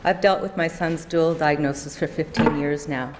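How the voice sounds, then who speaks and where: A woman, a mother, giving measured, prepared public comment at a county board meeting. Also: low-pitched, fairly even intonation, background noise. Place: council chamber.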